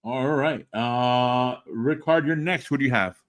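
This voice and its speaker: A man's voice: mid-range voice, measured pace. A man co-hosting a casual wrestling predictions podcast, dryly moderating the picks and pushing back on teasing. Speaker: podcast co-host running the picks.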